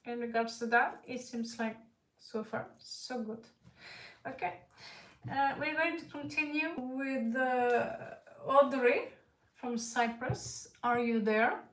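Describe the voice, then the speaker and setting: Woman tarot streamer, light mixed British-Russian accent, halting speech, slightly high voice, echoey room, set back from the mic. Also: fairly even intonation, fairly bright tone, far from the mic. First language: not English. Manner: hesitant, many fillers and restarts. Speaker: tarot reader. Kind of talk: live stream reading with chat.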